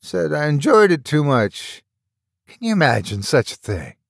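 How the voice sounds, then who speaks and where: A man voicing a nervous young male killer who talks in rough backwoods speech and stammers. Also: a little high, very animated, moderate pace, dry recording, studio quality, pitched above the performer's own voice, exaggerated voice. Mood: resentful.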